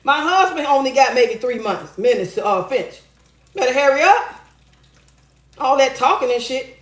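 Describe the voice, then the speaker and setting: A woman's voice: high voice, sing-song, normal speed. A middle-aged woman hosting a casual advice show, reading viewer comments and telling stories bluntly and profanely, often laughing. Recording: roomy echo.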